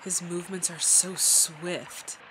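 A young woman hosting a casual movie reaction, gushing and excitable with slangy remarks. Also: on the low side, slow, slight background noise.

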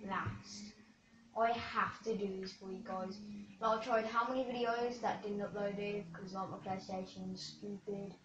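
A woman's voice: medium pitch, noisy background. A woman giving chatty live gameplay commentary to her viewers, with sudden cheers and yelps. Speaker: gaming video creator. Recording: roomy, distant, dull lo-fi sound.

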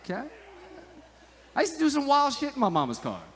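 High-voiced profane stand-up comic. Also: male voice, wildly swooping pitch, fairly quick, a bit bright. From New Jersey. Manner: profane, rambling, laughing at his own jokes. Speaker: stand-up comedian. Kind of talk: stand-up comedy set. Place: outdoor comedy club stage. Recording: live stage sound with long reverb.

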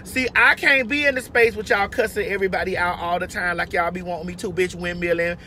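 A woman's voice: lowish voice, fairly even intonation, quick pace, pushed and bright, slight background noise. A woman giving brash, profane, emphatic advice in a casual monologue from her car. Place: inside a parked or moving car.

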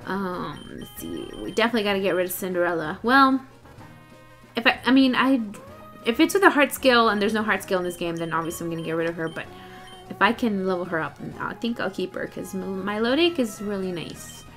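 A young woman chatting excitedly through a let's play, groaning and laughing at the game. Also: mid-range voice, a little fast, faint music behind. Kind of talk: casual gameplay commentary.

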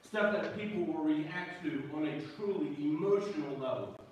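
A man's voice: a little high, moderate pace, highs cut off, a little hiss or hum. A man preaching a sermon as pastor, folksy and joking, calling out to the congregation. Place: church sanctuary. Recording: echoey church hall, mic from a distance.

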